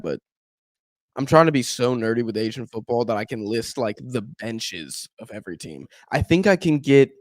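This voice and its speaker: With no room sound, a young man's mid-range voice hosts a football watch-along stream. He chats casually with viewers and commentates on the match, animatedly talking to chat and acting out what his fans complain about.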